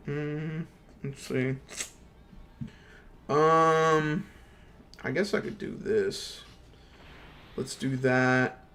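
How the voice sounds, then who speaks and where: Young male streamer, slightly high voice, animated profane rants at the desk mic. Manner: animated, profane, slangy ranting. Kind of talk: casual gaming stream rant.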